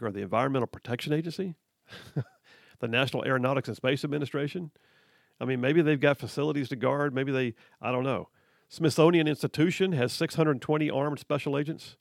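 Gravelly male talk radio host. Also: medium pitch, dry recording, studio quality. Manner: energetic, emphatic, folksy. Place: radio studio. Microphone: studio mic.

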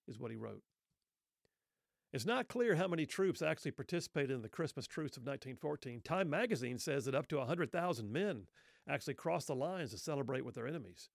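A man's voice: mid-range voice, animated, fairly quick, gravelly, no room sound, clean studio sound. A man telling a historical story in an earnest, reflective way, with rhetorical questions.

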